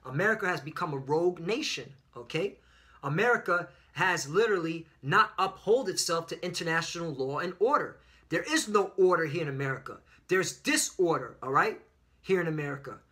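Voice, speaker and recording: A man's voice: a little high, animated, fairly quick, pushed and bright. A man preaching a fiery religious commentary lesson with frequent fillers and profanity. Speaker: online preacher.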